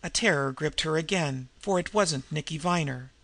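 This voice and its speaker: A man's voice: a little high, moderate pace, vocal fry, pushed and bright, dry recording. A man narrating a suspense story as an audiobook reader, dramatic storytelling. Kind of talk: scripted narration.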